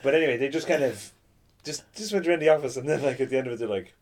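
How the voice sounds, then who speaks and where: A man chatting casually on a podcast and telling animated stories. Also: medium pitch, racing, very noisy. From Ireland. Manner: animated storyteller, puts on voices for others. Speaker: podcast co-host. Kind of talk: casual chat.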